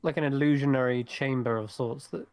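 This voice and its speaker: Brief: male game master, mid-pitched and dry-sounding, halting descriptive narration. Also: steady tone, no room sound. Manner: hesitant narration with many fillers.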